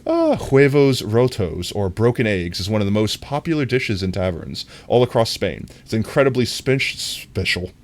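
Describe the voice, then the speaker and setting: Young man, low voice, very lively pitch, casual livestream chatter, rambling, self-correcting. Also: moderate pace, few pauses. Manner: excitable when greeting viewers. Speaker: streamer. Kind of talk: casual gaming livestream chat.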